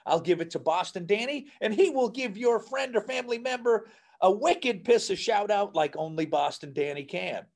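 Male podcast host, raspy, gravelly edge, high and very lively delivery, upbeat promo tone. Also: moderate pace. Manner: enthusiastic, promotional. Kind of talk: upbeat show outro.

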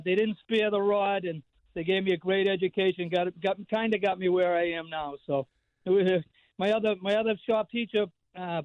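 A man's voice: high-pitched, no echo, phone-quality sound. A man in his fifties with a Boston accent, calling in to a radio show and rambling through stories with lots of fillers and restarts. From Boston area. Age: 50s. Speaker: regular call-in guest. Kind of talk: casual radio chat.

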